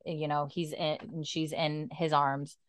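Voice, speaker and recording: A woman's voice: low voice, little pitch movement, a little slow, no room sound. A woman hosting a casual recap chat, rambling with fillers and acting out quotes. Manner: chatty, many fillers, acts out quotes.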